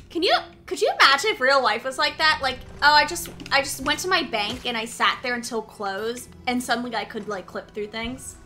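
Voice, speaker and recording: A woman's voice: a little high, big pitch swings, quick pace, few pauses, sharp tone, soft background music. A woman streamer chatting playfully with her chat while gaming, goofy and self-mocking. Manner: playful, silly, talks to chat.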